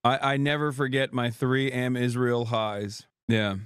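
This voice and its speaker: A man's voice: mid-range voice, fairly even intonation, unhurried, a bit bright, smooth, no echo, studio quality. A man hosting a livestream, reacting to news in a casual, sarcastic, profane, joking way. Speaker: streamer host.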